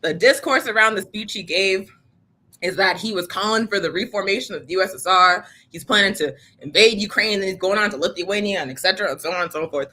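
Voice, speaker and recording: Speaking fast at a medium pitch, a woman with a bright, forceful tone co-hosts a political news program. She offers passionate political commentary in a casual, sarcastic, fiery way, peppered with fillers and frequent "like."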